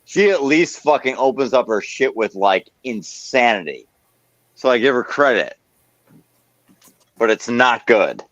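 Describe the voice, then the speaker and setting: A man's voice: medium pitch, very animated, a little slow, long pauses, a bit bright, no echo, dull audio. A man hosting a casual stream chat, blunt and swearing constantly. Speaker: stream host. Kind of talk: casual profane group chat.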